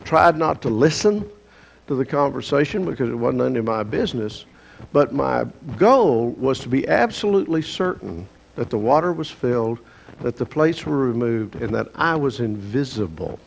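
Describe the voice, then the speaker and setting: Texan man, Bible study teacher, gravelly voice, folksy storytelling, muffled lo-fi take with light hiss. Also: medium pitch, expressive, moderate pace. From Texas, USA. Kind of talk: conversational Bible lesson. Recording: dull lo-fi recording with faint hiss.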